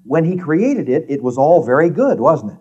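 A man's voice: fairly high pitch, big pitch swings, moderate pace, mellow, husky, muffled recording. A man teaching a Bible class in an earnest, emphatic, folksy way.

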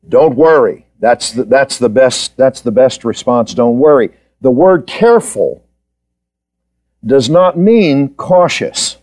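A man's voice: medium pitch, mellow. A man giving a Bible study lecture, quizzing his students and repeating key points for emphasis. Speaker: Bible teacher.

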